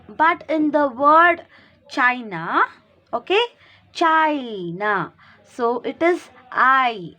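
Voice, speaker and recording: A woman's voice: fairly high pitch, a bit bright. A woman, teaching young children and explaining each word again and again, asking questions and answering them herself. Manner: repeats and explains words, asks and answers her own questions. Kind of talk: recorded classroom lesson for young children.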